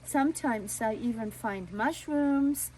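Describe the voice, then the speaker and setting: A woman's voice: on the high side, slow pace, a little mellow, slight background noise, low-quality recording. A woman voicing herself as an eager ten-year-old girl, earnestly explaining things.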